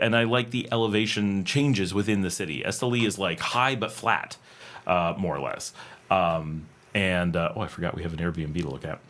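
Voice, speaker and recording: A man's voice: low-pitched, fairly bright tone. Rambling man reading chat aloud. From United States. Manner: rambling, thinks aloud with many fillers and restarts. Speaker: livestream host. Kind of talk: casual livestream chat reading viewer comments. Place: home room with air conditioning.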